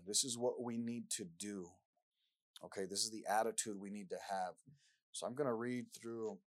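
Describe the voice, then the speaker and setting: A man's voice: fairly low pitch, dry recording, poor audio. Earnest male preacher, dry close sound. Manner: earnest, repeats words, rises loud when reading scripture. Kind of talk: sermon.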